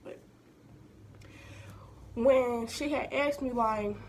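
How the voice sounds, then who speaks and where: Talking straight to her audience, a young vlogger shares a personal story in a relaxed, chatty manner, now and then slipping into hushed asides. Her voice is a little high and she draws out her words, with a bit of background noise behind her.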